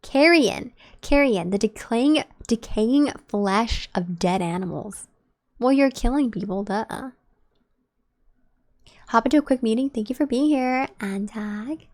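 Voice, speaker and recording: A woman's voice: fairly high pitch, a little slow, darkish tone. Chatty woman streaming a game. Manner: chatty, musing aloud to chat. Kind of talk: casual gameplay commentary.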